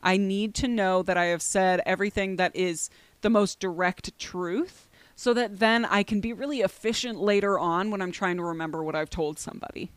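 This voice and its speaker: A woman co-hosting a casual astrology podcast, chatty and quick to laugh, with lots of fillers. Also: medium pitch, clean tone, dry recording. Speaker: podcast co-host.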